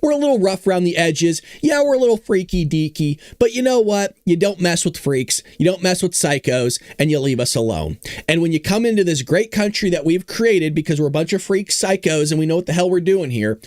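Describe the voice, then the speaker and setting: A man from California hosting a casual political commentary livestream, talking in an animated, sarcastic way with mock-dumb asides. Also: high-pitched, brisk, few pauses, no echo, studio quality. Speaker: host of a livestreamed political talk show.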